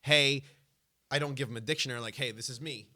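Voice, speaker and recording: A man's voice: medium pitch, fast, noisy background. A comedian co-hosting a casual podcast who stammers and repeats words as he starts sentences. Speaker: comedian and co-host. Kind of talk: casual chat.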